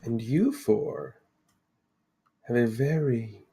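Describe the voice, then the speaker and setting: A man voicing a calm, cryptic ancient female spirit who watches over fate, speaking slowly and solemnly. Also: medium pitch, slightly rough, exaggerated voice. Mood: serene. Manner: slow, measured, solemn pronouncements.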